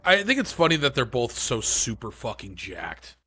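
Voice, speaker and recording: Man, podcast co-host, sharp bright voice, dry close sound, emphatic. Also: mid-range voice, sing-song, moderate pace, slightly rough, no echo. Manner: emphatic, swearing. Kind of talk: casual chat.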